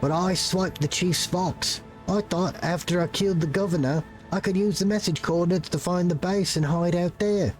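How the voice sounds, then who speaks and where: A man doing a scared young rebel with a rough British accent. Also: high-pitched, normal speed, few pauses, darkish tone, faint music behind, voice pushed up, natural voice. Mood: defiant. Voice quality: put-on British accent, cockney slang. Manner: urgent, pleading, breathless storytelling. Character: terrified young male peasant rebel, desperate and pleading.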